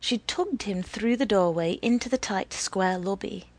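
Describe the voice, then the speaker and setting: A woman narrating a story in a measured, deliberate reading with a husky voice. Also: mid-range voice, no room sound.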